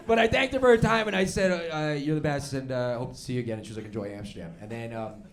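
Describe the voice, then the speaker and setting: Animated man telling a stand-up story. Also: on the high side, slight background noise. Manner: animated, laughing along, acts out quoted voices. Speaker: stand-up comedian. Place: comedy club stage before a live audience. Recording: stage mic with loud crowd laughter.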